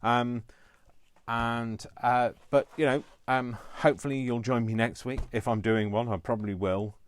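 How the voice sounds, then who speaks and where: A man's voice: medium pitch, steady tone, moderate pace, no echo. A man signing off a casual crafting vlog from his kitchen, rambling and jokey with lots of fillers, affectionate toward his viewers. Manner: rambling and chatty with many fillers. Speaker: crafting vlogger. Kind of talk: casual live-stream sign-off chat. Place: home kitchen, indoors.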